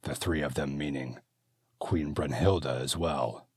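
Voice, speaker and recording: A man narrating his own fantasy audiobook in a steady, measured manner. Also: very deep voice, husky, no room sound, clean studio sound. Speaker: author and narrator.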